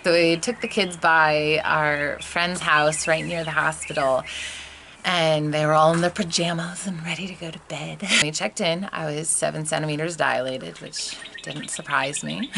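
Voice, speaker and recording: A woman's voice: low voice, creaky, sharp tone, a little hiss or hum. A woman in her thirties candidly telling the emotional story of a birth, casual and full of fillers. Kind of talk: personal storytelling.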